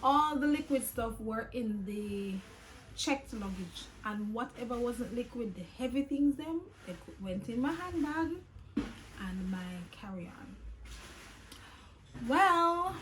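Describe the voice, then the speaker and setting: A woman's voice: on the high side, animated, takes it slowly, a bit bright, slight background noise, poor audio. A Jamaican woman vlogger casually telling a travel story, slipping patois into her talk.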